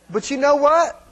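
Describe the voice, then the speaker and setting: On dull audio, a man with a high, slightly bright voice preaches about marriage in a conversational manner. He puts questions to the congregation and acts out quarrels in quoted voices.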